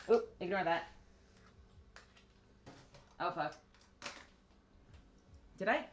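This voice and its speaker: Woman streamer, slightly low voice, chatty and excitable, casual swearing, laughs a lot while signing. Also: slight background noise. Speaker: voice actor streaming an autograph signing.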